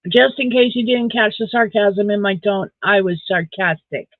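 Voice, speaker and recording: A woman's voice: medium pitch, moderate pace, dry recording. A middle-aged woman, chatting casually on a live stream while crocheting, rambling along with dry sarcastic asides. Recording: dry, tinny phone-like sound.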